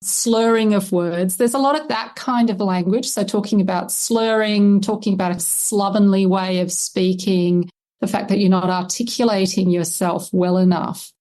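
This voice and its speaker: A woman's voice: medium pitch, steady tone, normal speed, a little mellow. A middle-aged Australian woman answering interview questions as a historian, thoughtful and explanatory, often hedging her points. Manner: thoughtful, explanatory, hedges with "I guess". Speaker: historian and lexicographer guest.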